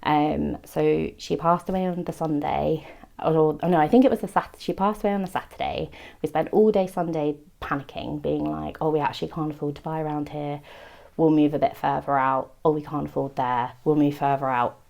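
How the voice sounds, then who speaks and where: Young woman, gravelly voice, chatty, bit low, laughs a lot. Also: steady tone, brisk, darkish tone. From England, outside London. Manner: chatty, laughs often, quotes herself. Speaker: interviewee. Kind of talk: casual testimony chat.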